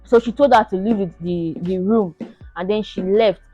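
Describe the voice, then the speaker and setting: A young woman telling her own story to the camera in an animated, casual way, laughing often and acting out the shouts and pleas. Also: medium pitch, normal speed, dry recording, dull audio, soft background music. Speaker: vlogger sharing her birth story.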